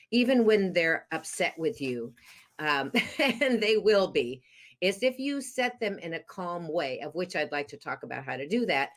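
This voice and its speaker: A woman coaching parents on divorce, explaining steps earnestly with frequent fillers. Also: on the low side. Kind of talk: podcast interview advice.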